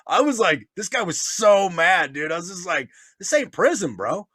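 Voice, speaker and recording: A man's voice: high voice, animated, moderate pace, fairly bright tone, no echo, clean studio sound. A man telling stories in casual chat, swearing often, laughing, and acting out what others said. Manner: profane, laughing, acts out voices in stories. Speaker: podcast co-host.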